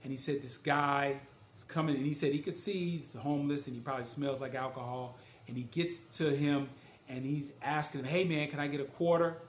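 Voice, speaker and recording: With a steady, medium-pitched voice that runs a little fast, an author and motivational speaker relates his story earnestly and emphatically, though casually. He voices the quotes as he retells scenes; the recording is echoey with a bit of background noise.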